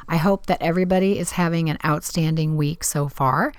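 Low-voiced chatty woman podcaster. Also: fairly even intonation, fairly quick, smooth, no echo. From Southern California. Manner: chatty, candid, self-deprecating. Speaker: podcast host. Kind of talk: casual solo podcast talk.

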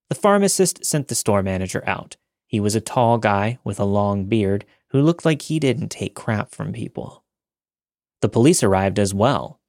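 A man with a low voice reads a true scary story in a calm, steady way. The recording is close and dry, with no room sound. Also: no room sound. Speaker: narrator. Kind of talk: scripted horror story narration.

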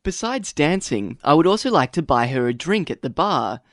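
A man's voice: a little high, big pitch swings, moderate pace, fairly bright tone, dry recording, studio quality. A man co-hosting a radio language lesson, playing the curious learner who repeats phrases after the teacher. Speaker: co-host and learner.

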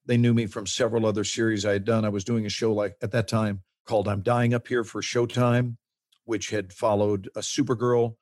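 Dry, close-miked man telling expressive stories as a guest. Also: fairly low pitch, no room sound. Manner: expressive, acts out quotes and gestures. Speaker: actor guest. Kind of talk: animated storytelling interview.

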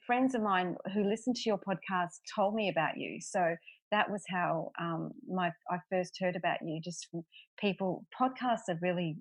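A woman's voice: fairly low pitch, normal speed, dry recording, rough recording. An Australian woman being interviewed as an author, chatting in a friendly way with lots of "um"s. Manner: friendly, laughs often, many fillers. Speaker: guest author. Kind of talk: casual interview chat.

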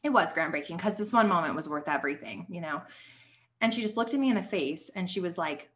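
A young adult woman telling her faith story on a podcast, animated and chatty with lots of filler words. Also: fairly low pitch, fast, slight background noise. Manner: animated storytelling with many likes. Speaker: podcast guest. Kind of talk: casual testimony.

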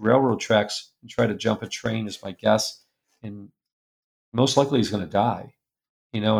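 A middle-aged man telling a personal story as a guest, earnest and confessional, going soft and quiet at the painful parts. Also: on the low side, gravelly. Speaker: guest speaker.

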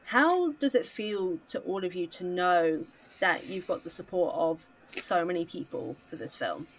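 A woman's voice: on the low side, animated, measured pace, a little hiss or hum, poor audio. A woman interviewing a film cast in a casual chat, gushing and upbeat with lots of fillers. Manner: bubbly, gushing, many fillers. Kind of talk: casual video-call interview.

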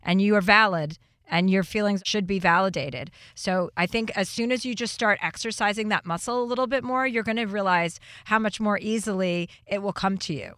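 A young woman hosts a call-in show with a bright voice, recorded close and dry. She encourages the caller earnestly, and her sentences often stop and restart. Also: mid-range voice, brisk, few pauses, no echo. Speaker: show host. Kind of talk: advice talk on a call-in show.

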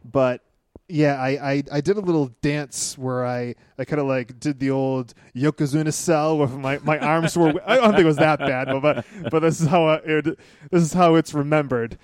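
A man's voice: fairly high pitch, moderate pace, no echo. A man recounting his wrestling debut in casual conversation, hesitant with many fillers. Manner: hesitant, many ums and uhs. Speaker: guest, wrestler. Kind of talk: casual chat.

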